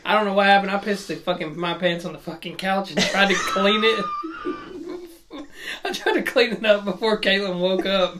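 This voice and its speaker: A young man in a casual podcast chat, talking in a quiet, hesitant mumble. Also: sits high, expressive, normal speed, noisy background. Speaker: podcast co-host.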